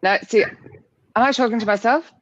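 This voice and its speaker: A woman's voice: fairly high pitch, brisk, muffled recording. A woman host on a video call who talks bluntly and frankly and swears casually.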